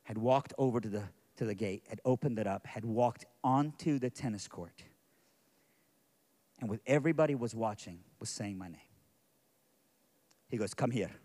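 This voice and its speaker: A middle-aged man preaches a sermon, telling a personal story that shifts from hushed, quiet moments to loud, intense passages. His voice sits on the low side, at normal speed with long pauses.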